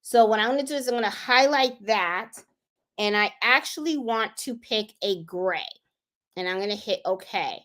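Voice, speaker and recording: A woman hosting a live embroidery tutorial, chatting casually and thinking aloud as she clicks through design software. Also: mid-range voice, lively intonation, normal speed. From Puerto Rico. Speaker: sewing and embroidery channel host.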